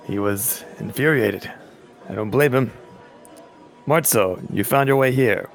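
A level-headed man in a tabletop game who talks things down in a measured way, as a player puts him on. The voice sits low with a gravelly edge, and faint music plays under it. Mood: courteous.

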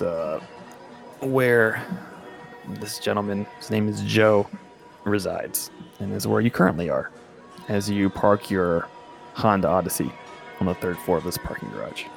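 A man narrating as game master on a voice call, relaxed and rambling, with many fillers. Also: lowish voice, measured pace, creaky, faint music behind. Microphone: headset or desk mic on a voice call.

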